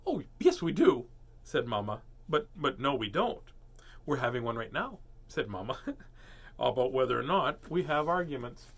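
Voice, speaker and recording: Man, storybook reader, bright tone, animated delivery, quips between pages. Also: medium pitch. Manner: playful, jokey asides and puns; lively character voices while reading. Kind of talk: reading a children's book aloud with asides.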